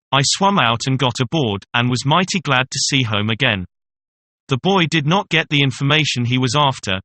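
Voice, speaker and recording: Bright-toned male storyteller. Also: medium pitch. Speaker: audiobook narrator. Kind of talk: scripted storybook narration.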